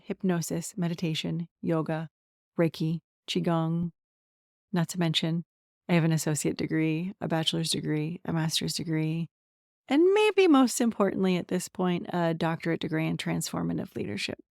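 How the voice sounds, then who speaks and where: Woman in her forties, low voice with gravelly fry, candid and laughing often, solo podcast talk, close dry mic. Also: normal speed, no room sound. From central Pennsylvania. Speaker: podcast host, somatic transformation coach.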